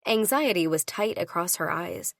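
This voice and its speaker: Woman narrating with a lively, swinging voice. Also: moderate pace, dry recording, clean studio sound. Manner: voices each character with lively shifts in pitch. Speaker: audiobook narrator. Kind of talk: first-person audiobook narration.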